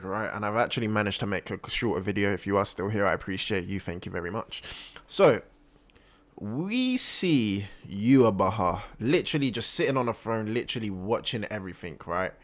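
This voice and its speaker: A young man hosting an anime reaction channel, recapping an episode in casual, slangy talk full of fillers, and his voice jumps high when he gets hyped. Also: a bit bright.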